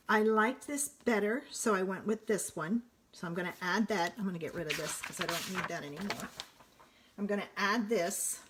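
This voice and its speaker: A woman's voice: medium pitch, slightly rough. A woman demonstrating card making on a live stream, chatting casually and thinking aloud as she works. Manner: chatty, thinks aloud, slow and unhurried, self-correcting. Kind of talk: casual live crafting demo.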